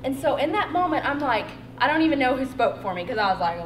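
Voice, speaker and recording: A woman, giving a personal testimony talk at a workshop, animated and laughing, saying "like" a lot. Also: sits high, quick pace, few pauses, distant mic, background noise. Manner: animated, laughing storyteller, heavy use of "like". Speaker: workshop speaker. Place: college hall. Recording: roomy hall echo.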